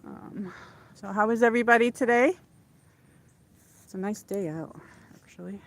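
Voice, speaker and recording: A woman livestreams outdoors on a casual walk around a lake, chatting and rambling to her viewers as she goes, out of breath from walking uphill. Her voice is medium-pitched and gravelly, at a moderate pace.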